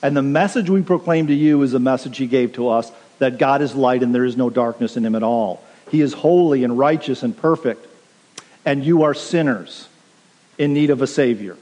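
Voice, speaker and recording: A man's voice: mid-range voice, moderate pace, warm tone. A pastor preaching a sermon, earnest and direct, urging his listeners plainly. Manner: earnest, direct exhortation with quoted asides. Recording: long reverb of a large hall.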